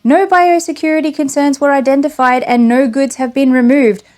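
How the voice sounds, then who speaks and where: A woman's voice: high voice, normal speed, hardly any pauses, darkish tone. A woman doing a casual unboxing vlog, sarcastic and exasperated, often laughing. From Australia. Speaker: vlogger.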